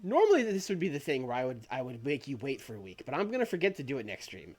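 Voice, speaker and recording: A man casually commentating on a wrestling booking game he streams, in an animated, jokey, rambling way. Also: mid-range voice, fast, few pauses. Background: faint background music.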